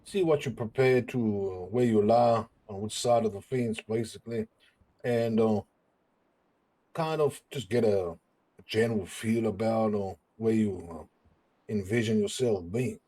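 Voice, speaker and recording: A man's voice: on the low side, unhurried, warm tone. A man playing a laid-back co-interviewer in a role-play, speaking in casual slang. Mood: reassuring. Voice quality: casual slangy speech, drawn out.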